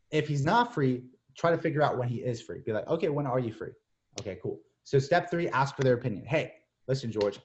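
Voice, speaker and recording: A young man giving casual, energetic coaching as a mentor, slipping into playful acted-out phone chats with lots of "like" and "bro". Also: medium pitch. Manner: energetic, repeats "like" and "bro", acts out texts and calls. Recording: slightly dull lo-fi audio.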